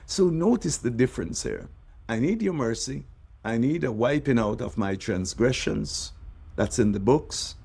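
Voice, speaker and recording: A man, a bishop, preaching a devotional sermon, drawing out key words and letting his phrases sink low and soft at the ends. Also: very animated, measured pace, vocal fry, slightly rough.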